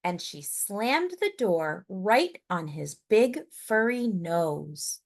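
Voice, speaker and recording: Woman reading a children's picture book, slow and very lively pitch, expressive. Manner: expressive, unhurried. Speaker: storyteller. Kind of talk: picture-book read-aloud.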